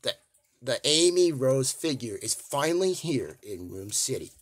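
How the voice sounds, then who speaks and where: A man's voice: medium pitch, big pitch swings, a little slow. A man voicing a cheerful male mayor toy in a fan toy play, casual and upbeat as he announces news.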